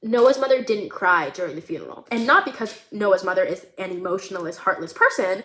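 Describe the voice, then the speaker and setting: A woman's voice: mid-range voice, brisk, few pauses. A woman vlogger talking casually and emotionally about her screenplay, with lots of "like" fillers. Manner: emotional, animated, many fillers like "like". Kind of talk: casual chat. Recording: roomy echo.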